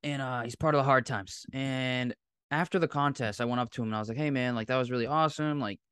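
This thirtysomething podcast co-host from Massachusetts's South Shore has a medium-pitched, fairly bright, smooth voice and talks fast. The sound is studio quality with no room sound, and his casual story wanders on at length, full of swearing and frequent laughter.

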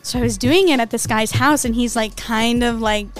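A woman's voice: fairly high pitch, normal speed, soft background music. A young woman in her twenties, a podcast guest telling stories bluntly and swearing often. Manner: blunt, swears a lot, animated storytelling. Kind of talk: casual interview chat.

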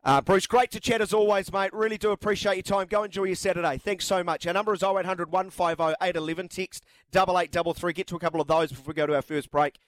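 A man's voice: high voice, flat delivery, fast, few pauses, dry recording. A man hosting talkback sports radio, chatting and reading out listener texts. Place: radio studio.

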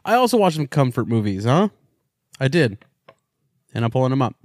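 Podcast co-host, middle-pitched man, gushing and profane. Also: a little fast, no echo. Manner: excitable, profane enthusiasm. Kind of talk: casual comedic chat.

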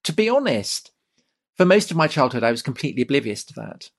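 Podcast host, gets excited, lots of ums and stumbles. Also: male voice, mid-range voice, fast, vocal fry. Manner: enthusiastic, hesitant with many ums and restarts. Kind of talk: casual podcast conversation.

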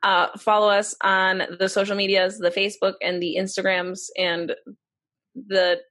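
A woman's voice: mid-range voice, level tone, a little slow, fairly bright tone. Blunt woman cohosting a podcast, swears constantly, laid-back chat. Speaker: podcast co-host. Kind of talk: casual chat.

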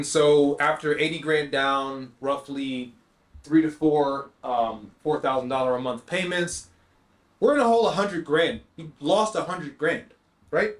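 A man's voice: fairly high pitch, roomy sound. A man hosting a podcast, telling a personal story in a casual, slangy way and acting out both sides of the conversations. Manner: animated storyteller, acts out dialogue, slangy. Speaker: podcast host.

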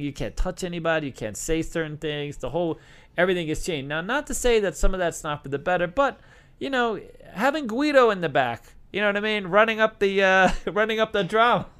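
A man's voice: sits high, fairly bright tone, clear, resonant tone. A middle-aged man, a former craps dealer, answering questions and telling stories in a rambling, casual way full of fillers and restarts. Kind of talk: casual storytelling Q&A.

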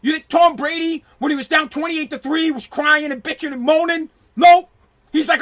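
A middle-aged man ranting in a brash, profane, emphatic way, now and then bursting into shouts. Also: very high voice, steady tone, normal speed. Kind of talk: ranting monologue.

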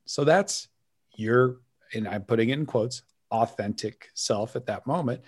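A man hosts an interview podcast, recapping his guest's points for listeners in an affirming way. His voice has an ordinary pitch for a man. He sets up each follow-up question at length before asking it. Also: a little slow, a little mellow, slightly rough. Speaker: podcast host. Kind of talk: interview host.

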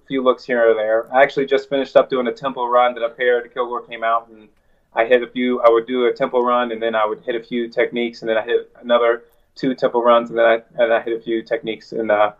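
Man, casual interview guest, loose rambling talk, mid pitch, muffled lo-fi audio. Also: little pitch movement, quick pace. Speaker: wrestler guest.

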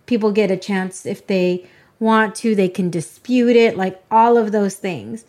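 A woman's voice: mid-range voice, measured pace, darkish tone. A woman hosting a podcast interview, chatting casually and gushing emotionally about her own wins. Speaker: podcast host.

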